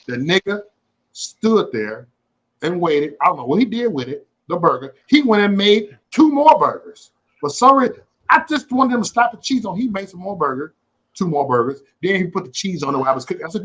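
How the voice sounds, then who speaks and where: A man hosting a casual livestream, telling a story in an animated, profane way and acting out the quotes. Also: sits high, a little fast, slightly rough, low-quality recording. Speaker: host.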